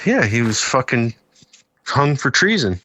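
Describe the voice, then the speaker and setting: A man's voice: medium pitch, sing-song, unhurried, pushed and bright, no echo. A man co-hosting a podcast who mostly chips in with short, joking remarks. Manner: brief, joking interjections. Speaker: podcast co-host. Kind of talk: casual chat.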